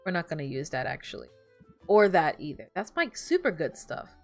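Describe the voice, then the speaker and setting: A woman's voice: low-pitched, sing-song, a little fast, a little mellow. A young woman streaming a game, chatting casually, laughing often and swearing as she tells stories. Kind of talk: casual gameplay chat. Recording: faint background music.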